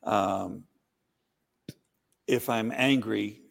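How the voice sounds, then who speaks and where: A man's voice: on the low side, drawn-out words, vocal fry. A man who is a priest, answering interview questions in a rambling, explanatory way with frequent fillers. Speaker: Byzantine Catholic priest.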